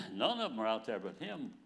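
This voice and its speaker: A man's voice: on the low side, big pitch swings, a little fast, creaky, fairly bright tone. A man in his nineties preaching a sermon, telling stories and chuckling often as he acts out scripture. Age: 90s.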